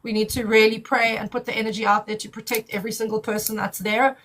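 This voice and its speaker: Woman host, fairly high voice, blunt and emotional, swears freely. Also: level tone, quick pace, a bit bright, slight background noise, rough recording. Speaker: host of a live chat. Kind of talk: emotional casual chat.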